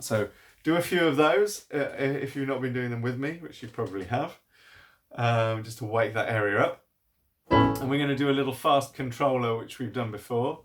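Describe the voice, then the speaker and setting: A man, teaching an online singing warm-up and coaching encouragingly between sung demonstrations. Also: medium pitch, moderate pace. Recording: piano playing along.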